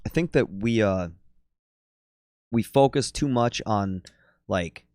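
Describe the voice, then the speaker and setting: A man's voice: on the low side, lively intonation, slow pace, darkish tone, dry recording. A man who works as a fitness and nutrition coach, talking bluntly in a casual podcast chat and swearing often. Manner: blunt, swears freely, slips into mocking voices.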